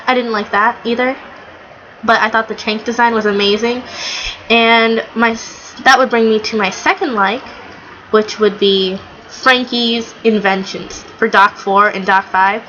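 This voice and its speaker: A woman's voice: fairly high pitch, fairly even intonation, measured pace, fairly bright tone, slight background noise. Gushing, chatty woman on lo-fi audio. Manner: chatty, gushing, rambling with fillers and quoted lines. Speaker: anime reviewer. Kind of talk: casual video review.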